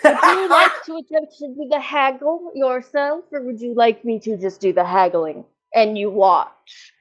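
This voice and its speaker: A woman's voice: high voice, measured pace, fairly bright tone. A woman playing a fussy fey trickster. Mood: polite. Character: proud fey trickster creature. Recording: slightly dull lo-fi audio.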